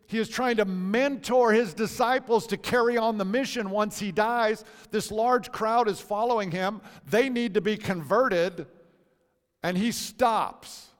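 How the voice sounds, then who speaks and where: A man preaching a sermon as pastor in a church, jovial and chuckling often between phrases. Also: high voice. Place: church sanctuary. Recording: long reverb of a church hall.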